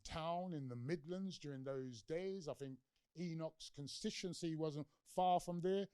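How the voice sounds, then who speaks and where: A man's voice: fairly high pitch, clear, resonant tone, no echo, clean studio sound. A middle-aged man with a London accent giving a public lecture, telling stories with energy, acting out quoted voices and putting questions to the audience. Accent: London English. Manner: animated storyteller, acts out quoted voices, asks the audience questions. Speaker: guest lecturer.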